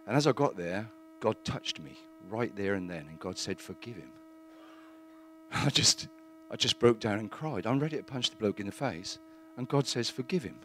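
A man giving a plain-spoken, earnest testimony in church, halting now and then with fillers. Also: fairly low pitch, lively intonation, a little hiss or hum.

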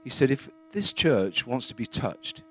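A man giving a plain-spoken, earnest testimony in church, halting now and then with fillers. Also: mid-range voice, very animated, sharp tone, a little hiss or hum.

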